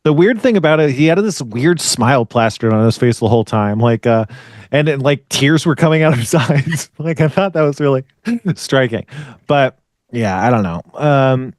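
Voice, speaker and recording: A man's voice: mid-range voice, lively intonation, moderate pace, no room sound. Man, podcast co-host, casual rambling talk, lots of fillers, laughs often, dry close sound. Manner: rambling, thinking out loud with many fillers and restarts; laughs often while talking. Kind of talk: casual conversational commentary.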